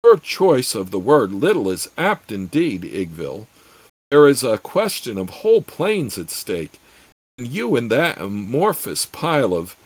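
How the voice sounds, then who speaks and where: A man's voice: medium pitch, wildly swooping pitch, unhurried, husky, dry recording, full character voice. A man voicing a haughty male demon king who speaks in a commanding, falsely soothing way, in an audiobook. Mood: contemptuous.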